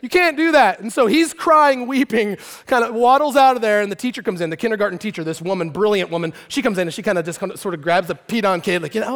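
A man from Arizona, a pastor, preaching a sermon through an animated, playful comic story that swings between loud and quiet. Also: sits high, fast talker, few pauses. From Arizona, USA. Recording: long reverb of a large hall.

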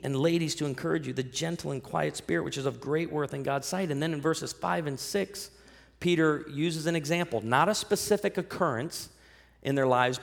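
A man, a pastor, preaching a sermon, telling a story and rising to loud, emphatic peaks. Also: fairly high pitch, creaky.

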